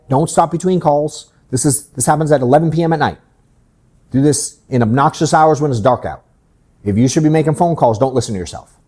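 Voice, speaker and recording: In his office, a sales coach in his thirties runs a workshop with a mellow, mid-range voice. He speaks bluntly and candidly, with casual swearing.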